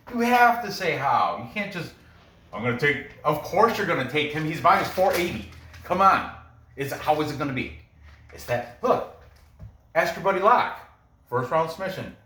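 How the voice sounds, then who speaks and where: Rambling man with a bright voice. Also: mid-range voice, echoey room, recorded from a distance, slight background noise. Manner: rambling, laughs often, many restarts. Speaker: podcast host making fight picks. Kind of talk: casual chat.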